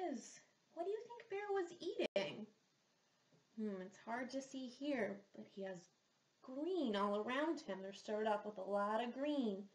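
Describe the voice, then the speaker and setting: A woman speech therapist reading a picture book aloud to young children, asking them patient, sing-song questions as she goes. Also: a little high. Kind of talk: slow read-aloud lesson with questions. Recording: echoey room.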